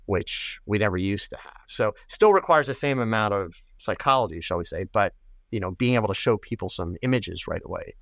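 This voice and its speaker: Older American man, low voice, dry close sound, relaxed reflective storytelling, podcast guest. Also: brisk, vocal fry, dry recording. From United States. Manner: reflective, anecdotal, easygoing with fillers. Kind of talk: casual conversation.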